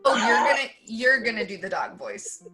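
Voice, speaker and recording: A woman's voice: a little high, expressive, normal speed, over music. A woman narrating as game master of a tabletop game, casual and chatty with fillers.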